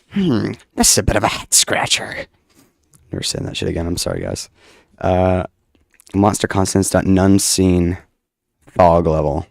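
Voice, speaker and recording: Guy chatting while he codes a game, low gravelly voice, swears a lot, dry close sound. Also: no echo. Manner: casual, swears, jokey asides. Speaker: game developer. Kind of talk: casual commentary while coding.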